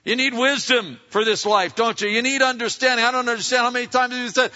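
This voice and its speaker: A man preaching a sermon in a folksy, conversational way, swinging between loud emphatic lines and quiet asides and acting out quotes. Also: very high-pitched, fairly even intonation, fast talker, few pauses. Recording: dull lo-fi sound.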